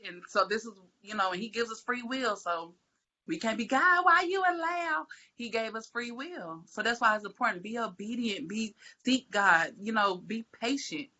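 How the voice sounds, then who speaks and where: This woman speaks as a panelist in a casual faith discussion on a podcast, preaching emphatically and repeating phrases for emphasis. She has a mid-range voice with a sharp tone and a moderate pace, captured in muffled, low-fidelity audio.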